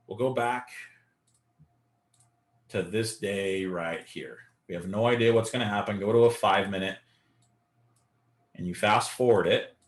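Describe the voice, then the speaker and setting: A man teaching a live beginner day-trading lesson, coaching and talking through chart examples. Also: mid-range voice. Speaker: trading instructor.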